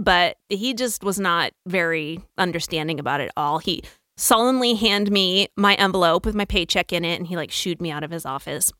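A woman telling a personal story in a casual, animated way, acting out the dialogue and swearing freely. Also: mid-range voice, dry recording, clean studio sound.

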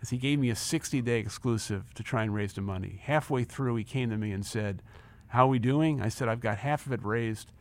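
A man's voice: fairly low pitch, a little fast, hardly any pauses, no room sound. A man in his sixties, a guest in an interview, telling a personal story with energy, acting out the dialogue and repeating words as he gets carried away. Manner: animated storyteller, acts out quoted dialogue, repeats words when excited. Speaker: interview guest, former company chief.

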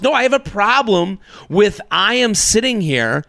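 Gravelly-voiced man, animated comic storyteller. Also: measured pace, no echo, clean studio sound. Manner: animated storyteller, jumps up in pitch when acting out people. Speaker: podcast host. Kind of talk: casual comedic complaint chat. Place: New York City.

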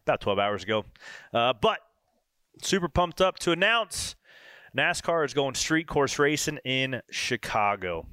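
Guy hosting a racing podcast, chatty and pumped, smooth voice, dry sound. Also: mid-range voice, unhurried, dry recording. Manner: excited, loose and chatty. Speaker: podcast host and race driver. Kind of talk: casual podcast banter.

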